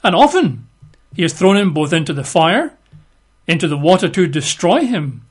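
Desperate father put on by a preacher, high strained pleading voice, read aloud in a sermon. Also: big pitch swings, normal speed, husky.

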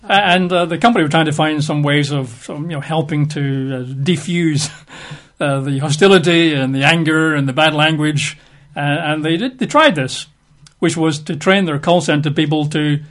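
A man's voice: on the high side, moderate pace, fairly bright tone. A man giving a conversational Bible teaching, chatty and wry, with frequent fillers.

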